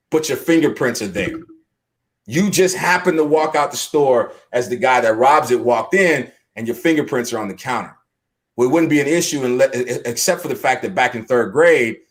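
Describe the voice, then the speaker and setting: A man, a podcast co-host, makes his points in an earnest, emphatic way during a group discussion. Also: mid-range voice.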